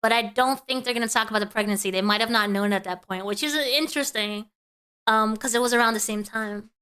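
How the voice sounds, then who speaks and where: A woman's voice: on the high side, quick pace, bright, forceful tone, clear, resonant tone. A woman streamer chatting casually while reacting to video clips.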